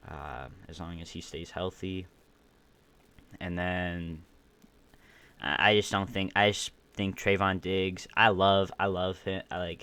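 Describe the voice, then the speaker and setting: A young man with a low, slightly bright, clean-toned voice hosts his own podcast stream, ranking football teams in casual solo commentary. He rambles with opinionated takes and many restarts, sounding a bit groggy and occasionally burping.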